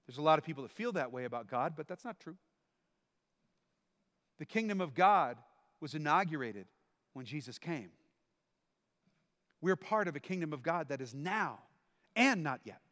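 High-voiced preacher in a reverberant hall. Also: male voice, expressive, moderate pace, pauses often. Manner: dynamic preaching, shouting quoted lines. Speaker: pastor. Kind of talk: sermon.

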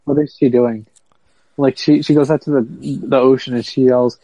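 Mellow-voiced guy cohosting a podcast, laid back, chuckles a lot, dry sound. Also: mid-range voice, fairly even intonation, moderate pace, dry recording, dull audio. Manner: laid-back, laughs easily. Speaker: podcast co-host. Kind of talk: casual chat.

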